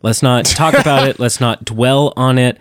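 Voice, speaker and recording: A man's voice: mid-range voice, moderate pace, clean tone, no echo, studio quality. A man co-hosting a podcast, talking enthusiastically and emphatically in a casual review chat. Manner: enthusiastic, emphatic, animated retelling. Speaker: podcast co-host.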